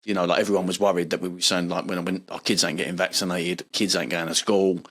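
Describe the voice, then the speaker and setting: A man's voice: deep voice, flat delivery, quick pace, fairly bright tone. A man, a podcast guest, talking earnestly and reflectively in casual conversation, with frequent restarts. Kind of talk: casual chat.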